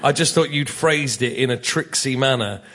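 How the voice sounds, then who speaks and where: A man's voice: mid-range voice, normal speed, a bit bright. A man on a comedy panel show, arguing his point in a rambling, playful way.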